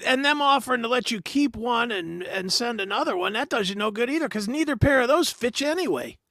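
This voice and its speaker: A man's voice: extremely high pitch, animated, brisk, pushed and bright, no echo. A man co-hosting a radio talk show, mostly giving short agreeing replies in casual chat. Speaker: radio co-host.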